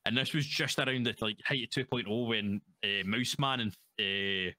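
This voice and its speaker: A man's voice: fairly low pitch, steady tone, moderate pace, sharp tone, no room sound. A Scottish man chatting as a guest in a casual interview, rambling, swearing freely and laughing often. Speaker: guest roleplayer.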